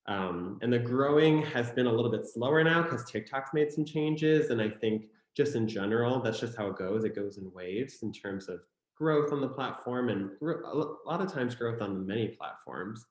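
A man's voice: medium pitch, lively intonation, normal speed. A young man from Michigan with a Michigan accent, a guest chatting casually and telling stories with plenty of fillers. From Michigan, USA. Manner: chatty storyteller, many fillers. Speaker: guest, content creator. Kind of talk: casual interview chat. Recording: echoey room.

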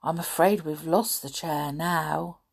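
A woman voicing a lively little girl in a children's storybook, speaking in high, eager calls. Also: slow, creaky, slightly rough, heavily acted. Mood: resigned.

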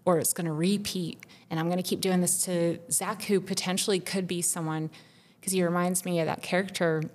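A woman's voice: lowish voice, steady tone, fairly quick. A woman co-hosting a podcast, pouring out a raw, intense personal confession with frequent swearing. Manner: raw, intense, profane, rising to tearful. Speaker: podcast co-host.

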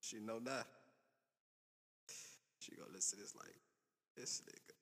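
Laid-back man with a low, bright voice. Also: normal speed, big-room sound. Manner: laid-back, candid, slangy. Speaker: podcast host. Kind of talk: casual podcast chat.

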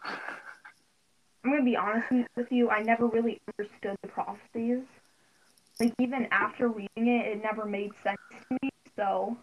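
A woman's voice: fairly high pitch, steady tone, normal speed. A woman guest on a book podcast, talking hesitantly and in short answers. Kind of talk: casual book club chat. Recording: dull lo-fi sound.

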